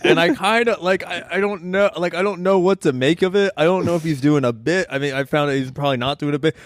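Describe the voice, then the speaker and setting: A man co-hosting a casual podcast chat, rambling and halting but enthusiastic. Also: fairly high pitch, fairly even intonation, no echo. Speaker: podcast co-host.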